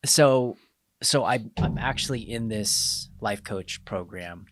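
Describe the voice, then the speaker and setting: Low-voiced man hosting a podcast. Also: slow pace, noisy background. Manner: animated storyteller, acts out quoted exchanges. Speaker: podcast host and coach. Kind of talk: casual podcast conversation.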